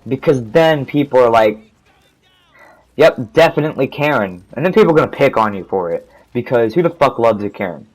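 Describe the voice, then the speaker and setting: A man's voice: mid-range voice, animated, fast talker, few pauses, poor audio. A young man telling a storytime in a profane, rambling, angry rant, swearing constantly and restarting his sentences. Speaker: vlogger.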